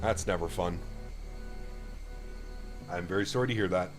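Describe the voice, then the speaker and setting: A man's voice: sits low, moderate pace. Canadian guy streaming flight sim, chill and chatty, cusses a lot, faint music behind. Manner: laid-back, chatty, swears freely. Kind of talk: casual live-stream commentary.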